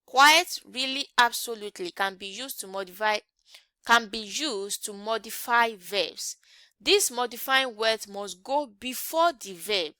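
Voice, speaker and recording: A woman's voice: fairly high pitch, expressive, measured pace, bright, forceful tone, smooth, no echo. A woman teaching an English grammar lesson online, often checking in with rhetorical questions.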